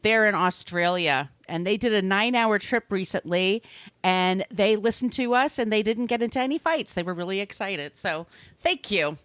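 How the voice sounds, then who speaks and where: A woman's voice: mid-range voice, animated, normal speed, a bit bright, clear, resonant tone, no echo. A woman with an American accent, co-hosting a podcast in casual chat, joking and laughing often. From United States. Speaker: podcast co-host.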